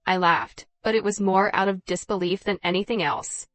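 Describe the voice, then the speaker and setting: A woman narrating a dramatized first-person story in an even, measured reading voice. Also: medium pitch.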